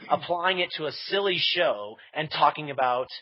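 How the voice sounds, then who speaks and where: A man's voice: a little high, expressive, moderate pace, lo-fi sound. A man talking casually in a podcast interview, rambling with fillers and restarts and laughing at himself. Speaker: podcast creator being interviewed.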